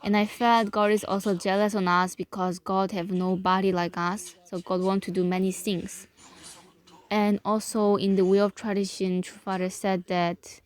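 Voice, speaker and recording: A woman, hosting and reflecting on the stories in halting, English. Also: medium pitch, flat delivery. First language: Korean. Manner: halting, thinking aloud, with many fillers. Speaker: host. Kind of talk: reflective commentary.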